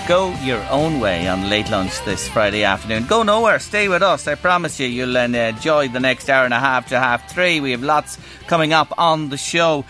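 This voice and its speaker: A man's voice: mid-range voice, animated, moderate pace, hardly any pauses, music in the background. An Irish man presenting an afternoon radio show, chatty and upbeat. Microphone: studio mic.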